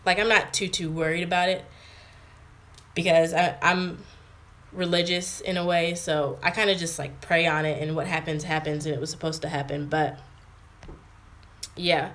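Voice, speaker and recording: Chatty American woman, low voice. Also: steady tone, moderate pace, long pauses, fairly bright tone. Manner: chatty, filler-heavy, reads and answers viewer comments. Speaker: vlogger. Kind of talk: casual livestream chat. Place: her home in England, indoors.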